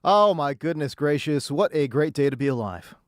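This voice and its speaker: A male sports radio host talks with hype and jokes, his pitch leaping around as he runs through stats. The voice sits a bit high for a man. The studio sound is dry and close. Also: expressive, moderate pace, no room sound. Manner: hyped, jokey, swings between shouting and musing.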